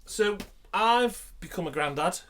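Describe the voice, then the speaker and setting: A man's voice: sits high, lively intonation, measured pace, a crowd in the background. A middle-aged man, a podcast co-host swearing and teasing his friends in casual banter.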